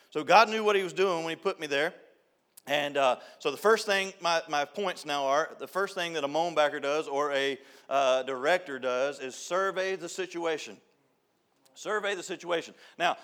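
Folksy youth director in the pulpit, middle-aged, slightly high-pitched, storyteller who laughs and shouts for effect. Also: male voice. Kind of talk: folksy sermon. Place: church sanctuary.

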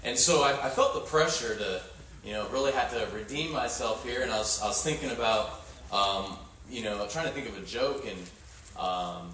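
A man preaching a sermon in a halting, folksy way, with many filler sounds. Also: medium pitch, a bit bright, a little hiss or hum. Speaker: pastor. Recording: echoey church hall from far off.

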